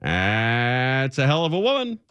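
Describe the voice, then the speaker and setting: Brief: male radio host, dry teasing humor, swooping animated delivery, dead studio sound. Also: mid-range voice, unhurried, clean tone, dry recording. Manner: wry, teasing deadpan jokes. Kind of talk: casual on-air banter.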